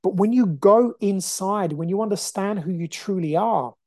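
A woman gives a motivational podcast monologue in a blunt, fired-up, foul-mouthed manner. Her voice is warm and mellow. It is recorded dry, with no room sound. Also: mid-range voice, moderate pace, no echo. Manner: blunt, profane, impassioned ranting. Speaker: podcast host.

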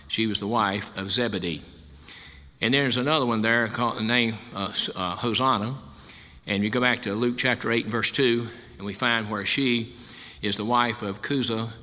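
A man's voice: lowish voice, pushed and bright. A man, a pastor, giving a sermon in a folksy, conversational way, recorded in a church sanctuary. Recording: long hall reverb.

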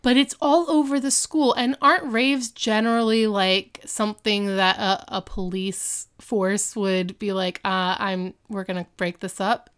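A woman's voice: medium pitch, steady tone, unhurried, few pauses, fairly bright tone, smooth. A woman co-hosting a casual chat about a TV episode, chatty and quoting the characters as she goes. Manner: chatty, quotes characters while recapping. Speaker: podcast co-host.

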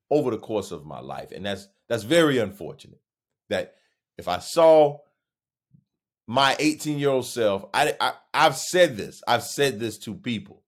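A man hosts a solo podcast. He muses slowly and pokes fun at himself, then swells into sudden emphatic encouragement. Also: lowish voice. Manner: musing, self-deprecating, joking asides; slow, drawn-out phrasing with sudden emphatic rises. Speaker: podcast host. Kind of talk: reflective solo monologue.

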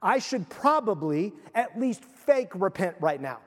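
A man's voice: high-pitched, sing-song, measured pace, long reverb tail. A middle-aged male pastor preaching a sermon in a conversational, emphatic way.

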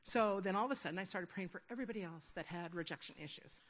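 A woman's voice: fairly low pitch, fast talker. Woman telling a rambling personal testimony. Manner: rambling, animated storytelling with quoted inner dialogue. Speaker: church member giving a testimony.

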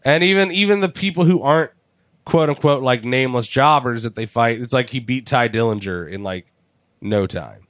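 A man's voice: mid-range voice, moderate pace, no echo, studio quality. A man hosting a podcast, chatting casually and profanely with jokes, often acting out other people's lines. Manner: profane, jokey, acts out voices. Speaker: podcast host. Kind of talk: casual wrestling chat.

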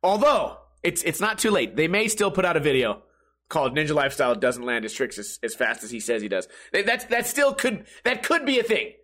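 Lively, bright-voiced man telling jokes. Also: on the high side, brisk. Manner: self-mocking, laughs at own jokes, swears freely. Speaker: podcast host. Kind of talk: casual comedic storytelling.

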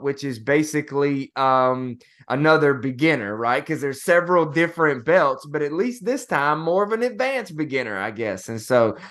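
A man's voice: mid-range voice, a bit bright. A man co-hosting a motivational podcast, telling a personal story in a casual way and calling his co-host "bro".

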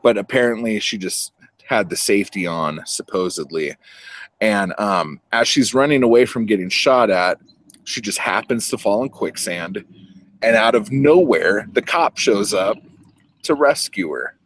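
A man's voice: fairly low pitch, a little slow, slight background noise. A man casually recapping a film, swearing a lot and acting out the characters' lines as he goes. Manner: profane, animated storytelling with acted-out quotes. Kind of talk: casual movie recap chat.

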